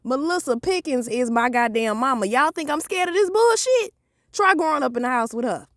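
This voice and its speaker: A woman, telling a profane, animated story in a vlog. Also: high voice, fairly quick, dry recording, studio quality. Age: 30s. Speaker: vlogger.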